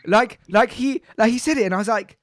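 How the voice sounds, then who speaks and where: A young man with a high, light voice chats on a podcast. He tells stories with animated, slangy energy and acts out the voices of the people in them. The sound is close and dry, with no room around it. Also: fairly quick, no room sound. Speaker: podcast co-host. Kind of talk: casual storytelling chat.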